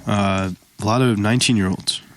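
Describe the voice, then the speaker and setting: A man's voice: fairly low pitch, fairly even intonation, moderate pace, no echo. A young man co-hosting a podcast in casual chat, joking and rambling with filler words. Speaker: podcast co-host.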